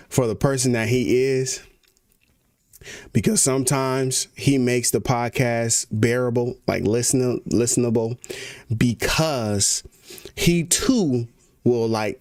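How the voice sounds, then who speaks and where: A man's voice: mid-range voice, clean tone, no echo, studio quality. A man chatting casually on a stream, rambling loosely and laughing easily. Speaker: music producer and streamer. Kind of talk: casual livestream chat.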